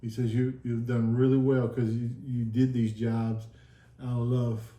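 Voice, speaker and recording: Mellow-voiced man in an echoey room. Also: medium pitch, little pitch movement, a little slow. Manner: earnest, emotional, acts out quoted dialogue. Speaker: guest telling his testimony. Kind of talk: casual sit-down storytelling.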